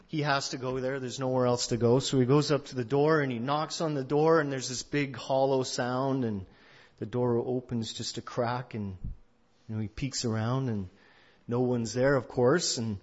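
A male pastor giving a sermon, telling a story in a conversational way that swings between loud and hushed. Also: medium pitch. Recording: dull lo-fi recording.

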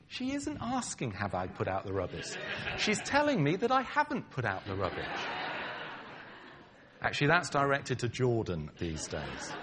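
This middle-aged pastor's voice sits a little high and sounds a bit bright, with a faint hiss or hum on the recording. Preaching conversationally, he jokes with the congregation and performs quoted lines with dramatic flair.

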